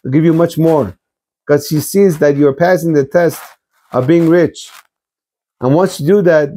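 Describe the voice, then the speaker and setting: A man's voice: a little high, darkish tone. A man giving a rabbi's sermon, blunt and exhortative, urging his listeners.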